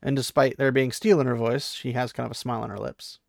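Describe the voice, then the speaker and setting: A man with a gravelly, creaky voice chats his way through a book recap, rambling and peppering everything with "like." He slips into quick impressions of the characters as he goes. The sound is dry and close, with no room around it. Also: mid-range voice, fairly even intonation, no echo. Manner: rambling, heavy use of "like", acts out characters' lines. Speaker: book discussion host. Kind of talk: casual book recap and commentary.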